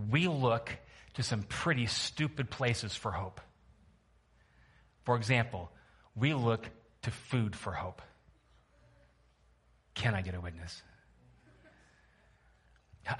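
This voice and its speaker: A man's voice: on the low side, unhurried, long pauses, fairly bright tone, husky. A man preaching a sermon to his church, talking in a loose, humorous way and putting questions to the congregation. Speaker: pastor.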